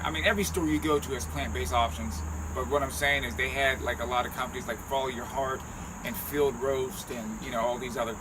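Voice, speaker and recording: A man hosting a casual food-tasting vlog outdoors, talking in a playful, hyped-up way. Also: medium pitch. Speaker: vegan food vlogger. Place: outdoors by a street. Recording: outdoor street noise.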